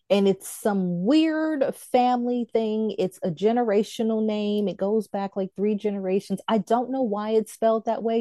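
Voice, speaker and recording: A woman's voice: medium pitch, dry recording. Chatty woman in a dry, close sound. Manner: chatty and animated, tells stories with laughter. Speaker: guest, author and tarot teacher. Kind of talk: casual interview chat.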